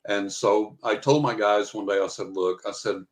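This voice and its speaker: An older man, a psychic guest in an interview, telling a story in a lively way and acting out what he said. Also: on the low side, moderate pace, poor audio. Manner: lively storyteller who acts out his own quoted lines.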